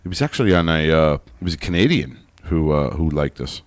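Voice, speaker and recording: A man's voice: very deep voice, expressive, brisk, no room sound. A man co-hosting a podcast in casual banter, joking and laughing often while reading listener reviews aloud. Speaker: podcast co-host.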